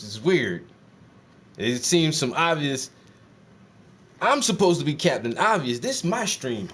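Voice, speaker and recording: Blunt animated streamer, man. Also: sits high. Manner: animated, blunt, swears freely, rhetorical questions. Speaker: streamer painting live. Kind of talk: casual live-stream chat.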